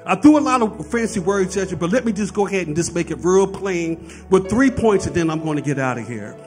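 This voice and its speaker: A male pastor delivers a sermon in a high, strongly swinging voice that climbs into fervent peaks. He teaches plainly and keeps checking in with his listeners. Soft music sits faintly behind him. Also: lively intonation, a little fast. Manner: preaching with rising fervor, frequent "right?" asides.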